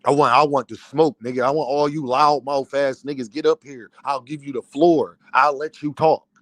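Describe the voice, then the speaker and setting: A man's voice: mid-range voice, fairly even intonation, normal speed, fairly bright tone, no room sound. A man, a boxing content creator, ranting on a livestream, angry, profane and heated. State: worked up and fuming. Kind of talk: livestream rant.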